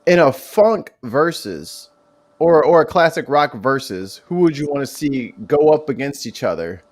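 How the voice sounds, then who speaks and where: A man's voice: on the high side, lively intonation, a little slow. Slangy laid-back man chatting. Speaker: co-host. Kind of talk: casual live-stream chat.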